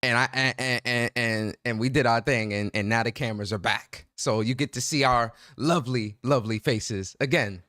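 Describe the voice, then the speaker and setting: A man with a New York accent hosting a casual gaming podcast, introducing his co-host with loud, playful hype. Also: medium pitch, moderate pace, few pauses, no echo, clean studio sound.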